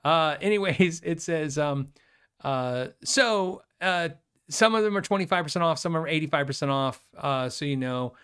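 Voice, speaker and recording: A man's voice: a little high, expressive, a bit bright, clean tone. Rambling, chatty male guitar show host. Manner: rambling, self-deprecating, quick laughs and many fillers. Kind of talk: casual live chat reading viewer questions.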